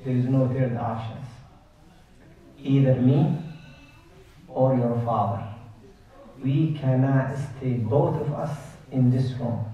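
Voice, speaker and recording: A man voicing a harsh young wife who gives her husband blunt ultimatums. He speaks slowly and firmly. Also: mid-range voice, fairly even intonation. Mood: demanding. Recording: echoey hall, distant dull mic.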